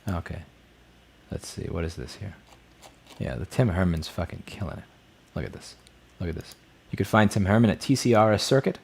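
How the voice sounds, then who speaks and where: A man's voice: low-pitched, animated, a little fast, vocal fry, long pauses, a little mellow, slight background noise. A man hosting a casual livestream, reading viewer messages and answering them bluntly, often swearing. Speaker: livestream host answering chat.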